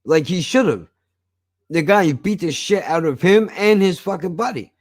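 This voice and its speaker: A man's voice: high voice, moderate pace. Man ranting casually, swearing. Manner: swears constantly, animated storytelling. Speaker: show reviewer. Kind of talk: casual profane rant.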